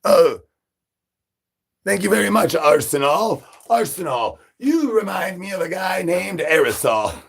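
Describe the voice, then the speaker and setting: A man live-streaming in a zombie persona, rambling through silly catchphrases with sudden jumps in pitch. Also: very animated, measured pace, creaky, slightly rough. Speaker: livestreamer in zombie character. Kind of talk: absurd live-stream banter.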